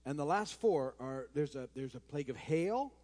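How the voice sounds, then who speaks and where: A man's voice: a little high, animated, moderate pace, darkish tone. A male pastor preaching a sermon in a conversational way, with restarts and friendly asides. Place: church sanctuary. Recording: long hall reverb in a church.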